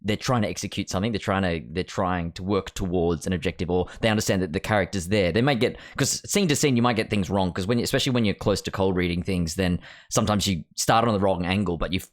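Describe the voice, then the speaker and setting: A man's voice: low-pitched, fast talker, few pauses. A man hosting a casual chat from home over a video call, talking in a reflective way and thinking aloud. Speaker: host.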